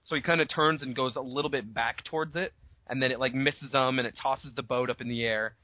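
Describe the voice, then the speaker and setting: A man's voice: mid-range voice, a little fast, dry recording. Profane man retelling a story. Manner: profane, animated retelling with voices. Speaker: podcast co-host. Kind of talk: casual chat. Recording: dull lo-fi podcast audio.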